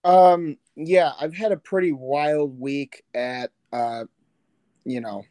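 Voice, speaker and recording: A man's voice: a little high, slow, warm tone, dry recording. A man co-hosting a podcast, rambling loosely about his week with casual swearing and self-corrections. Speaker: podcast co-host. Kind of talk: casual chat.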